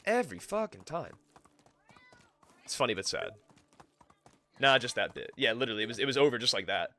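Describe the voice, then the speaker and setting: Swearing male streamer with bright voice. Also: medium pitch, fast. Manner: swears freely, chats with viewers and talks to his cat. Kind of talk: live gameplay commentary.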